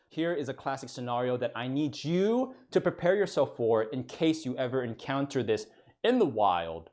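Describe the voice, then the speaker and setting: A man's voice: medium pitch, animated, moderate pace, a little mellow. A man delivering a comedic explainer monologue in a dry, mock-lecturing way. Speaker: comedic video creator.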